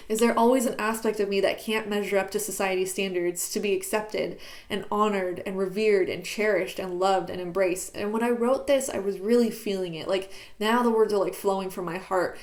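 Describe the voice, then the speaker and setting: A woman's voice: medium pitch, steady tone, fairly quick, a little mellow. A woman talking candidly in a reflective personal vlog, searching for words with many fillers, recorded in her bedroom. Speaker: YouTuber. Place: bedroom at home.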